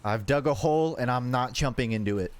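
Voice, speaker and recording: A man's voice: mid-range voice, a little fast. A man streaming a game, chatting casually in a rambling, self-mocking way and laughing often. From United States. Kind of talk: casual gaming livestream chat.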